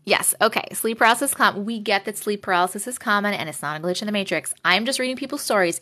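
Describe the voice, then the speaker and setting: A woman's voice: medium pitch, quick pace, few pauses, fairly bright tone. A woman with a Long Island accent hosting a live stream, chatting casually and reading viewer stories into a phone mic held close or clipped to her shirt. She is blunt and chatty and swears freely. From Long Island, New York.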